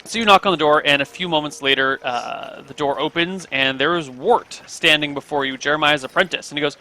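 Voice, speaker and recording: A man's voice: fairly high pitch, brisk, pushed and bright. A man narrating as dungeon master in a casual tabletop game.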